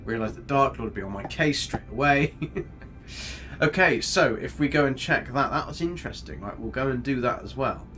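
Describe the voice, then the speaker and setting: A man's voice: medium pitch, lively intonation, normal speed, pushed and bright. A man chatting casually while streaming a game, joking, rambling and answering his chat as he plays. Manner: chatty, jokey, rambling, reads chat aloud. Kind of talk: casual live-stream commentary. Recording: faint music behind.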